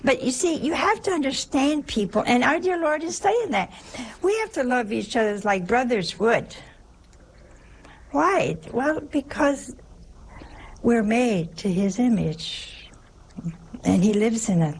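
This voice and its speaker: A woman's voice: fairly high pitch, animated, a little slow, long pauses, breathy edge, poor audio. A woman, a nun, preaching a folksy sermon in a chatty, humorous way, full of rhetorical questions.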